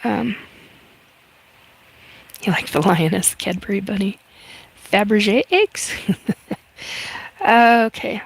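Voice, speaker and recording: A woman in her fifties hosts a casual livestream, chatting away and reading viewer comments aloud with plenty of fillers. Her mid-range voice is gravelly and slightly rough, and she takes it slowly with long pauses.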